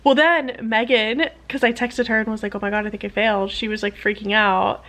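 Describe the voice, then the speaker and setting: A young woman in her twenties, a PhD student vlogging, telling a story in quick, breathless casual chat full of "like" and acted-out quotes. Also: medium pitch, fairly even intonation, a bit bright.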